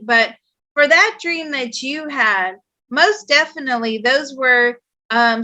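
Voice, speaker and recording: A woman psychic host with a high, bright voice, chatting casually. She tells her stories in an animated, lively way and laughs often. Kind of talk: casual chat.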